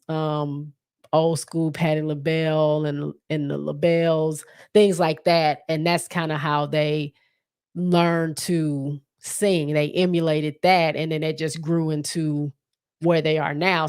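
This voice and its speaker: A woman's voice: low-pitched, a little mellow, clean tone, dry recording, clean studio sound. A woman hosting a casual solo livestream podcast, chatty and rambling with frequent ums and short laughs. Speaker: podcast host.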